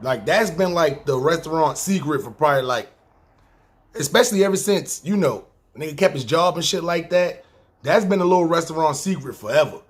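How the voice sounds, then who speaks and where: A little high, animated, and a little fast, this male podcast storyteller is from New York and has the accent. He casually rambles through a long story, swearing freely and acting out what people said.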